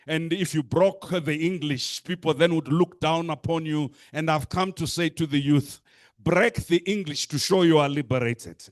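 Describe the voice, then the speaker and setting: A man with a voice on the high side delivers an impassioned speech to a youth assembly, recorded in clean studio sound without echo. He's rhetorical and emphatic, pacing himself deliberately, repeating phrases and listing points for effect.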